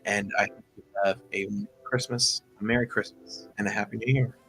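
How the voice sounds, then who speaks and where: A man's voice: lowish voice, fairly even intonation, brisk, pushed and bright, faint music behind, rough recording. A man hosting a livestream, telling a story in a chatty, rambling way full of asides. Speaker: host.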